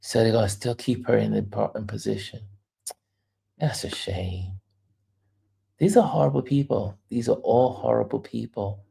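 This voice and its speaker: A man's voice: fairly low pitch, normal speed, vocal fry, husky. A man hosting a casual livestream, chatting loosely and reading viewer comments aloud with frequent laughter. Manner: animated, laughs often, reads chat aloud. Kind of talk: casual live chat.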